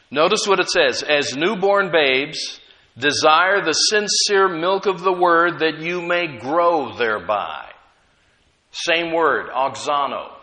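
A man's voice: on the high side, pushed and bright. A man preaching a sermon, emphatic, repeating key phrases and leading the congregation in call-and-response.

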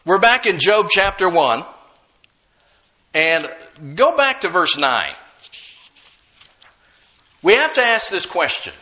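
Male pastor, sermon, bright ringing tone, slightly high voice, animated, call-and-response with the congregation. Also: slow, long pauses, muffled recording. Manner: animated preaching, builds from soft storytelling to loud emphatic calls; talks directly to the congregation with call-and-response checks.

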